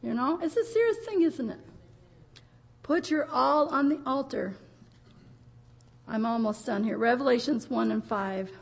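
A woman's voice: a little high, unhurried, vocal fry, long pauses. An older woman preacher delivering an emotional church sermon, often tearful and laughing as she tells her stories. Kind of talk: pentecostal sermon.

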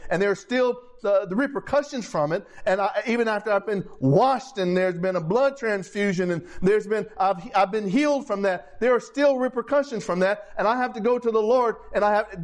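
Male preacher, higher-pitched voice, conversational sermon delivery with repeated phrases and check-ins to the congregation. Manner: repeats and restarts phrases while building a point.

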